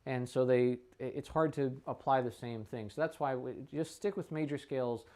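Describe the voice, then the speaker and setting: A man in a practice room, explaining a trumpet warm-up in a relaxed, unscripted way, with his voice sitting in an ordinary middle pitch. He thinks aloud as he goes, with fillers and an occasional cleared throat. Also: normal speed. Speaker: trumpet teacher. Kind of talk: casual instructional talk.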